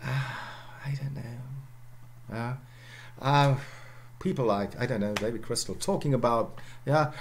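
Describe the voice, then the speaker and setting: Animated lecturing man. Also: mid-range voice. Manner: animated, repeats words and adds "yeah?" often. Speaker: university lecturer. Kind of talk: university lecture.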